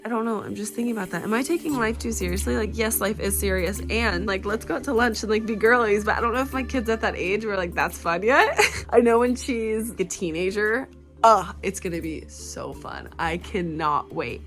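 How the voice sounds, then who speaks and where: A young woman in her twenties, vlogging in a chatty, animated way with lots of fillers. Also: medium pitch. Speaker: vlogger, yoga teacher and breathwork guide. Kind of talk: casual talking-to-camera vlog.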